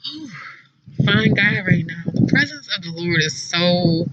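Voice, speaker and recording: A woman's voice: fairly low pitch, lively intonation, measured pace. A woman vlogging casually to her viewers, reading scripture and lyrics aloud and answering them in an earnest, emotional, repetitive way. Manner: earnest, emotional, repeats herself. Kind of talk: casual vlog addressing viewers. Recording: dull lo-fi sound with clear background noise.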